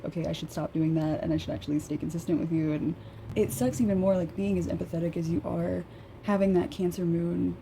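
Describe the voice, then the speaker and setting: Husky-toned woman giving an energy reading. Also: fairly low pitch, warm tone, a little hiss or hum. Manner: chatty, empathetic, many "like" fillers. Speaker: energy reader. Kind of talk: casual spiritual reading to camera.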